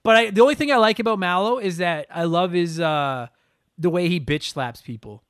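Young guy on a podcast, high voice, swearing and ranting, dry close sound. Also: fairly quick, clear, resonant tone, no room sound. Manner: animated, profane, ranting. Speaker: podcast co-host. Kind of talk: casual chat.

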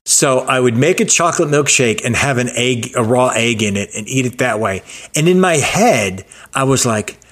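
A man co-hosting a casual podcast, joking about himself and telling animated stories. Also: mid-range voice, normal speed, hardly any pauses. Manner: self-mocking, playful, animated storyteller. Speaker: podcast co-host. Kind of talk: casual chat and storytelling.

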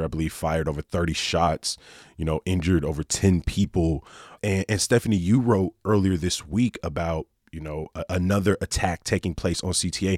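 A man's voice: low-pitched, dry recording, clean studio sound. A man hosting a local news podcast in an easygoing, casual way. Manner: relaxed, easygoing, says y'all and uh often. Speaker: podcast host.

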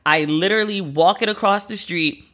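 Podcaster in their 30s going off, cussing, really bright voice. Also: medium pitch, normal speed. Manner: animated, profane, venting rant. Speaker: podcast host. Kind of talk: casual solo podcast monologue.

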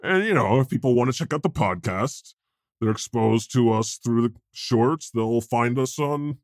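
Dude playing god as a chill podcast cohost, swears a lot, plain mid voice, dry mic. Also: male voice, medium pitch, expressive, normal speed, no echo, natural voice. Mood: chatty. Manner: casual, swears freely. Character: God, laid-back male deity, chatty and crude. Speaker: podcast co-host. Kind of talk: improvised podcast comedy banter.

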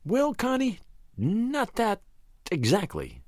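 A man's voice: sits high, wildly swooping pitch, unhurried, no echo, clean studio sound, voice pushed up, full character voice. A man reading an audiobook, voicing a clever, gracious young woman who plays hostess. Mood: whispering. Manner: bright, gracious, demure.

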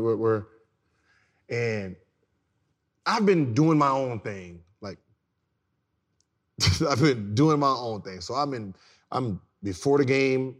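A man in his thirties, a former pro basketball player, telling stories on a podcast in a casual, slangy way that turns loud and laughing. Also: lowish voice. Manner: animated, slangy, repeats words, gets loud and laughs while telling stories. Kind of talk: casual storytelling.

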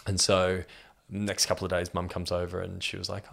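Low, gravelly man, heartfelt. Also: completely flat delivery, moderate pace. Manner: candid, heartfelt, with soft laughs. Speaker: storyteller. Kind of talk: personal storytelling.

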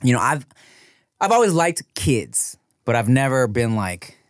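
A man's voice: medium pitch, a little slow, no echo, studio quality. A man in his thirties, a new father, chatting casually with restarts and swearing, telling stories. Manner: rambling, profane, animated storytelling with restarts. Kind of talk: casual chat while eating.

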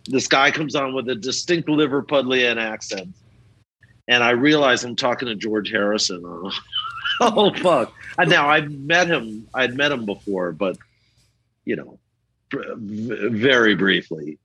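A man's voice: medium pitch, a little slow, slight background noise, poor audio. An older man, a rock photographer, telling stories in a casual interview and acting out the people in them. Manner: animated, acts out the people in his stories.

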